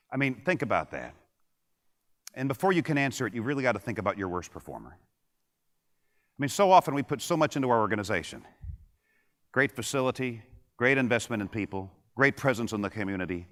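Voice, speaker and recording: A man's voice: medium pitch, very animated, fast talker, a bit bright. A middle-aged man giving a punchy, joking motivational keynote speech, firing rhetorical questions at a conference audience. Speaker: keynote speaker. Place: large conference hall with audience. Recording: long hall reverb.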